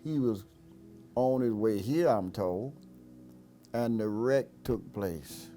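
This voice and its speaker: An older man, a pastor, giving a halting personal testimony that rises and falls sharply, with repeated words. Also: fairly low pitch, mellow, soft background music.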